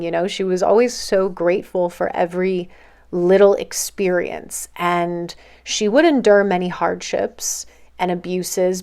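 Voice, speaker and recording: A woman's voice: lowish voice, darkish tone. A woman narrating a group's history in a loose, casual storytelling way, with lots of fillers like "like" and "um".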